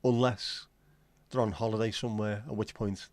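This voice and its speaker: A man with a lowish, fairly even-toned voice hosts a casual livestream chat at a moderate pace. He rambles and jokes, swearing often and slipping into silly voices. There's no echo.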